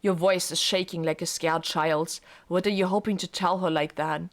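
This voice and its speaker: A woman reading a visual novel aloud, voicing the cold, taunting inner voice of a witch in a low, hushed, scornful tone. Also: fairly even intonation, moderate pace, close to an everyday voice. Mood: mocking.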